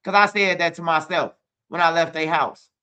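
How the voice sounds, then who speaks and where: A man's voice: a little high, steady tone, normal speed, pushed and bright, clean tone. A man with a Chicago accent hosting his own channel, telling rambling, profane stories and talking straight to his viewers. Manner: profane, rambling, fills lines with "bro"; talks straight to viewers, asks for comments. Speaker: channel host. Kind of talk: casual storytelling monologue.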